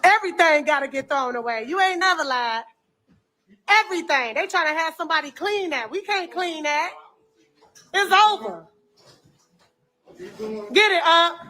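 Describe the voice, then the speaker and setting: High-voiced woman, blunt and profane. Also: expressive, moderate pace, long pauses, pushed and bright. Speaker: cleanup crew member filming a house. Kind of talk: casual vlog commentary while working. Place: indoors in a dirty house being cleared.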